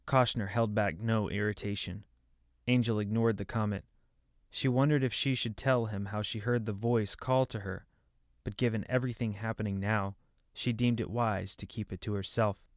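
A man's voice: on the low side, fairly even intonation, moderate pace, no room sound, studio quality. Man narrating a fantasy story. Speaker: audiobook narrator.

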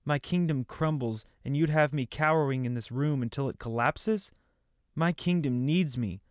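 A man voices a defiant, distressed young princess, raising his voice into a pleading tone. His pitch is medium, lifted above his natural register yet still close to everyday speech, at a moderate pace with clean studio sound and no room.

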